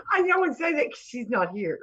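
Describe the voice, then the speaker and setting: A woman's voice: fairly high pitch, bright, forceful tone, husky, highs cut off. A woman with a Texas accent co-hosting a livestream chat, teasing and folksy. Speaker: co-host. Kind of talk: casual livestream banter.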